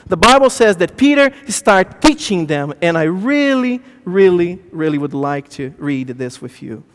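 A man preaching a sermon, animated, swinging between loud bursts and hushed lines. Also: sits high, a little hiss or hum. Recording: long hall reverb.

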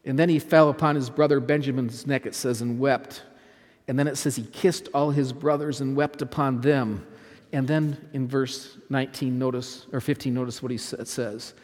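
With a mid-range, a little mellow voice and fairly even intonation, a male pastor preaches at a moderate pace, emphatic and repetitive, putting questions to his listeners. The recording carries long hall reverb.

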